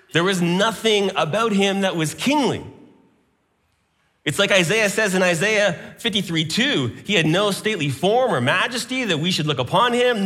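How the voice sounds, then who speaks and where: Man preaching, cites chapter and verse, sharp ringing tone, hall reverb. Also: high voice. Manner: preaching, citing scripture references. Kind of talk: sermon.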